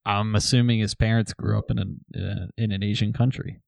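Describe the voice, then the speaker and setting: A man's voice: fairly low pitch, flat delivery, a little fast, vocal fry, no room sound. Rambling man with a dry, close sound. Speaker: podcast co-host. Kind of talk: casual chat.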